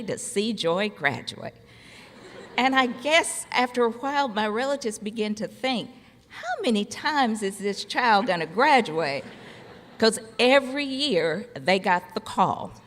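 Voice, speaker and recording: A middle-aged woman delivers a ceremony speech at a podium, unhurried and deliberate, leaving pauses for the audience to laugh. Her voice sits at an ordinary pitch for a woman. It rings out with the long reverb of a large hall. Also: fairly bright tone. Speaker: commencement speaker, former college faculty member. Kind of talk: formal ceremony speech with humorous storytelling.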